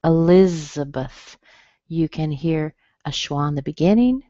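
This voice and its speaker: Lady teaching pronunciation online, slow careful syllables, kinda dull dry audio. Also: low-pitched, expressive, mellow, dry recording. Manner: slow, careful, over-enunciated demonstrations of stress. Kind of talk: webinar lesson.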